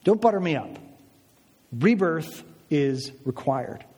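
A man's voice: a little high, sing-song, takes it slowly, mellow, breathy edge, full character voice. A man preaching, voicing Jesus as a blunt, matter-of-fact adult man. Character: Jesus, calm adult man cutting through flattery. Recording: reverberant hall.

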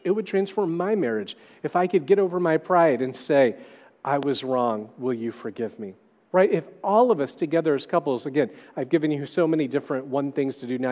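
A man in his thirties preaching in a church sanctuary, his voice trailing off into a long reverb. He speaks at a mid pitch and keeps it conversational, dropping in quick asides between points. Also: a little mellow. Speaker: pastor. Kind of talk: sermon.

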